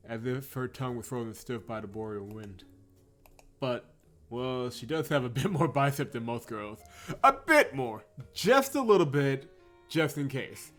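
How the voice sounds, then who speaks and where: A man streaming a visual novel, reading it aloud in a dramatic read-through with casual asides; he chuckles often and stumbles and corrects himself on words. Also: medium pitch. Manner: chuckles often, breaks off into playful commentary.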